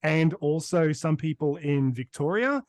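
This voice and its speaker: Brisbane-accented male co-host, rambling and casual, a bit high-pitched, dry sound. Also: expressive, unhurried, no room sound. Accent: Brisbane Australian. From Australia. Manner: rambling, many fillers. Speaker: podcast co-host. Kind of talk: casual chat.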